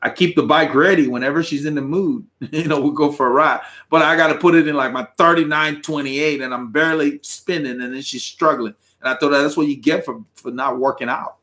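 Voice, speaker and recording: A man's voice: on the high side, steady tone, fairly quick, few pauses, sharp tone. A middle-aged man from Texas hosts a cycling channel's live stream, reading viewer comments in a rambling, conversational way and chuckling often.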